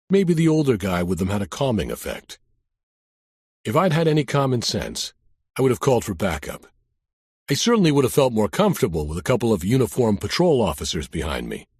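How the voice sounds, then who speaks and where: A man narrating a first-person thriller audiobook in a wry, deadpan detective voice. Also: lowish voice, normal speed, husky, dry recording, clean studio sound.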